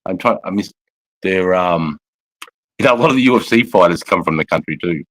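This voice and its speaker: Very deep-voiced profane Australian man. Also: animated, a little fast, a bit bright, low-quality recording. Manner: blunt and profane, says "mate" constantly. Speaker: army veteran co-host. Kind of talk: casual chat. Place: lounge room at home.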